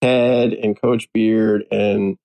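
A man chatting casually as a panelist, animated and amused as he retells favorite scenes. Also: fairly low pitch, very slow, creaky, low-quality recording. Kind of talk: casual chat.

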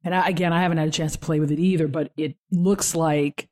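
A woman's voice: sits low, fairly even intonation, quick pace, a little mellow. Wry joking woman co-host. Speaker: podcast co-host. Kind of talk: casual chat.

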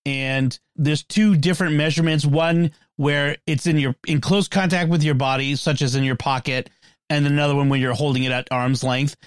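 A man's voice: fairly high pitch, fairly even intonation, moderate pace, smooth, no room sound, studio quality. A man co-hosting a tech podcast in casual chat, talking at length with restarts and fillers. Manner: chatty, frequent restarts and fillers. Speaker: podcast co-host.

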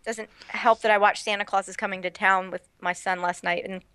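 A woman's voice: medium pitch, steady tone, brisk, sharp tone, slight background noise. A woman in her thirties chatting casually, animatedly retelling a TV episode and acting out the characters' lines. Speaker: podcast co-host. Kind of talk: casual chat recapping a TV episode.

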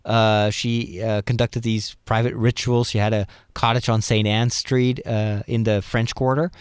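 A man's voice: fairly low pitch, level tone, unhurried, smooth, no room sound, studio quality. A man hosting a podcast, talking through ideas in a casual, enthusiastic way with lots of restarts. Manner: enthusiastic, thinks aloud with restarts. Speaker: podcast host. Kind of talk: casual movie discussion.

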